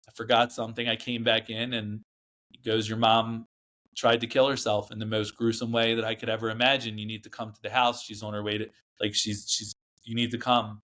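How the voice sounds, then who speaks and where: A man's voice: on the low side, level tone, a little fast, fairly bright tone. A man, a podcast guest, telling a personal story in a casual, earnest way, with lots of fillers and restarts.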